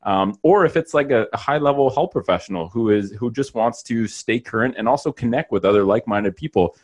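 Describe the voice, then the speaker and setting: A man's voice: mid-range voice, fairly quick. A man, a physiotherapist guest in a casual podcast chat, earnest and reflective, with the odd casual swear.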